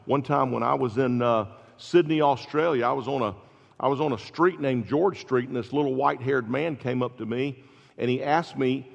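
Gravelly preacher in a large echoing hall. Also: male voice, mid-range voice, moderate pace. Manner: animated storytelling, builds to loud peaks then drops soft. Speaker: pastor. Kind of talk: sermon. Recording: dull lo-fi recording in a large reverberant hall.

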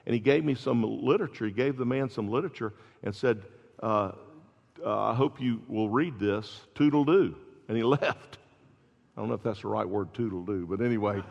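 A man preaching a sermon as pastor, telling stories with rising intensity and quiet drops. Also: medium pitch, vocal fry. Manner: animated storytelling, builds to loud peaks then drops soft. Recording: dull lo-fi recording in a large reverberant hall.

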